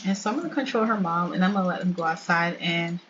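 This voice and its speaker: A woman's voice: lowish voice, quick pace, fairly bright tone, dull audio, slight background noise. A young woman casually narrating her life-sim let's play, chatty and storytelling. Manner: chatty, storytelling, laughs often.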